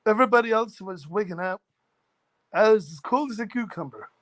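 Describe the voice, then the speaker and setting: A man's voice: high voice, expressive, a little fast, a bit bright. A man in his forties casually telling a long personal story in a rambling, earnest, matter-of-fact way. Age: 40s. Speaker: chat room participant.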